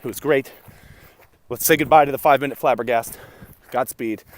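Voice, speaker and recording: A man's voice: mid-range voice, steady tone, brisk. A man, a game master, vlogging outdoors and out of breath, rambling and restarting as he thinks aloud. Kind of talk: casual outdoor vlog to camera. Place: outdoors in open windy country. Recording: faint wind and background noise.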